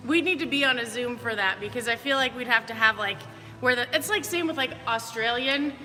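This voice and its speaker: A woman's voice: on the high side, brisk, pushed and bright, long reverb tail, soft background music. A woman fitness coach giving upbeat, chatty movement cues during a live workout.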